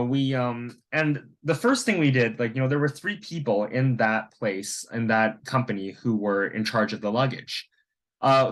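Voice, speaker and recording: A young man from Canada recounts a story in a loose, chatty way. He wanders through his sentences and leans on filler words. His voice sits at an everyday middle pitch. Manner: rambling, heavy with fillers. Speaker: vlogger. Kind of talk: casual storytelling.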